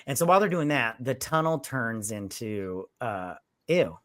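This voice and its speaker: A man's voice: mid-range voice, big pitch swings, measured pace, no echo. A man co-hosting a casual movie review chat, rambling and crude as he retells the plot. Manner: rambling, crude, keeps slipping into acted-out quotes. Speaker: co-host of a movie review show.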